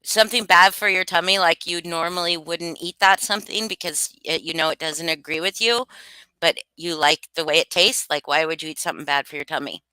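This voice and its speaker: A woman's voice: fairly low pitch, a little fast, sharp tone, clean tone, dry recording. A woman hosting a casual live stream, reading chat aloud and chatting loosely with some swearing. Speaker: streamer host.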